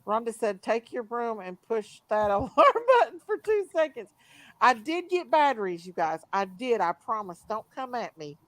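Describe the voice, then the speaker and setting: A woman's voice: a little high, animated, moderate pace, hardly any pauses, no room sound. Indignant woman hosting a live panel. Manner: heated, indignant, greets viewers by name. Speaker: livestream panel host. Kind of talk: casual live chat.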